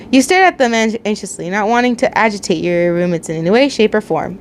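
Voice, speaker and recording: A woman's voice: medium pitch, expressive, fast talker, few pauses, a little hiss or hum. Chatty young woman reading fanfiction. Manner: chatty, laughs often, stumbles over words. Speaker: channel host reading fanfiction. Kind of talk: casual fanfic reading aloud.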